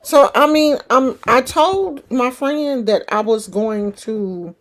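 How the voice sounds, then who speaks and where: A middle-aged woman talks in a rambling, folksy way with a California country twang. Her voice sits on the high side and swings widely in pitch. She takes her time and never hurries. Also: expressive, slow. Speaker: livestream host. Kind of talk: casual chat.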